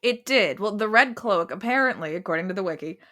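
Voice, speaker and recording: A woman's voice: medium pitch, expressive, fairly quick, fairly bright tone. A woman co-hosting a casual TV recap podcast, explaining show lore in a chatty way with plenty of fillers. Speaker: podcast co-host.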